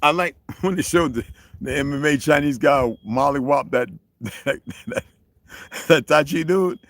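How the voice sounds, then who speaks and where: A man's voice: a little high, a little slow, creaky, no room sound, poor audio. A man livestreaming outdoors, rambling casually to his chat, swearing a lot and laughing often. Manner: profane, animated, laughs often. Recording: loud outdoor background noise.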